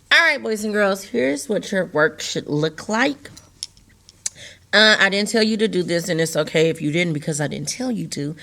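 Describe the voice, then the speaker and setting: A woman teacher giving a recorded lesson to young students, slowly enunciating words and sounds for them to repeat. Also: lowish voice, a bit bright. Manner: slow, deliberate, enunciating words for young learners.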